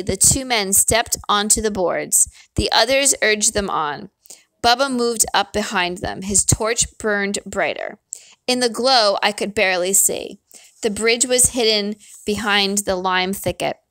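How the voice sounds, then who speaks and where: Brief: woman narrator reading a novel, expressive, dry close sound. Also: mid-range voice, no echo. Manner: expressive first-person storytelling.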